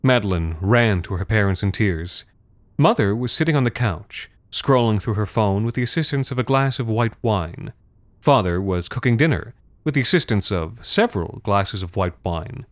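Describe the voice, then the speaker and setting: A man's voice: fairly low pitch, lively intonation, normal speed, dry recording. Wry, theatrical male storyteller. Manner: wry, theatrical, darkly comic. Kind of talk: scripted narration.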